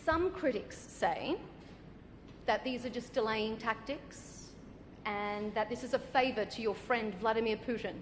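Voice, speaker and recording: A woman's voice: fairly high pitch, a little slow, big-room sound, a little hiss or hum. A woman interviewer asking probing follow-up questions in a broadcast interview.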